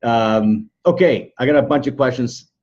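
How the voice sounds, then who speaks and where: Male podcast host, husky, relaxed and chatty; muffled lo-fi sound. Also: mid-range voice, normal speed. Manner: laid-back, laughs easily, chatty. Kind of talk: casual interview chat.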